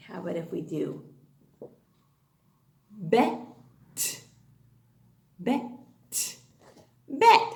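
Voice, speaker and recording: A kindergarten teacher gives young children an online phonics lesson in a sing-song voice that's fairly low and creaky. She fills it with gasps and excited exclamations, and the room sounds echoey.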